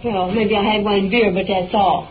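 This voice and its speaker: A woman's voice: mid-range voice, steady tone, normal speed. A woman, a mother questioned by police, arguing defensively and heatedly in plain, informal speech. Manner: defensive, agitated, mild cursing with informal grammar. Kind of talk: heated real-life argument. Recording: lo-fi noisy field recording.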